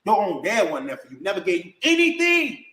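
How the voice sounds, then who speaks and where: A man's voice: sits high, wildly swooping pitch, a little fast, a bit bright, roomy sound. A man venting in a heated rant to the camera, indignant and repetitive, calling his viewers bro. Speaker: vlogger.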